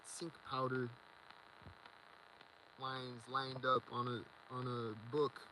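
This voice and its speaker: Agitated ranting man, bright tense voice. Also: mid-range voice, little pitch movement, takes it slowly, slight background noise, low-quality recording. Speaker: vlogger. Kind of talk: rambling solo monologue.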